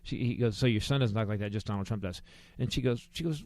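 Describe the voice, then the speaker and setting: A man hosting a comedy podcast, chatting casually and jokingly, with animated bursts of emphasis. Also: fairly low pitch, quick pace. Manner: animated, jokey, rising to loud outbursts. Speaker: podcast host.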